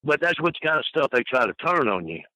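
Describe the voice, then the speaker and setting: An older man, a podcast guest, telling long rambling stories full of fillers and mimicking the people he quotes in high voices. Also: big pitch swings, a little fast, bright, forceful tone, no room sound, rough recording. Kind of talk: storytelling interview.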